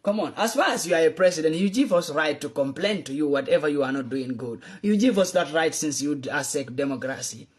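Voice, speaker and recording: A man from Gambia, delivering an impassioned political address that swings between loud accusations and low, urgent pleading. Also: brisk, few pauses. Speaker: political commentator.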